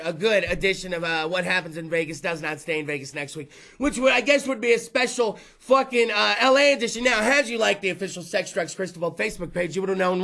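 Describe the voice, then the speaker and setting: A man in his thirties hosting a rowdy live show at a bar. He talks loud and crude and rambles on with the crowd, in a very high, bright voice with some gravel in it. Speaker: host. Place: bar or venue with a live audience.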